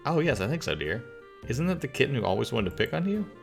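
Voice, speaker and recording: Man putting on a mother cat voice, high-pitched, fussy, doting then stern, game voice-over. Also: sing-song, fast talker, creaky, faint music behind. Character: fussy scolding mother cat, middle-aged.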